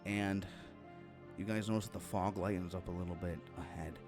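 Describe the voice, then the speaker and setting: A male game master narrates a horror tabletop session in a fairly low voice. He talks loosely, full of fillers and restarts. Faint music plays under him. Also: fairly even intonation, moderate pace, creaky.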